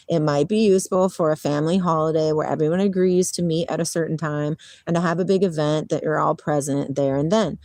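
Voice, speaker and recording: A woman's voice: on the low side, a little mellow, dry recording, studio quality. A middle-aged woman hosting a casual livestream, chatting, laughing often and reading spiritual passages aloud, outdoors near water. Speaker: livestream host.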